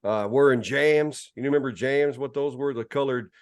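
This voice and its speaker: A podcast co-host tells family stories in casual chat at normal speed, with a clean tone. He teases his brother and imitates family members in a higher voice.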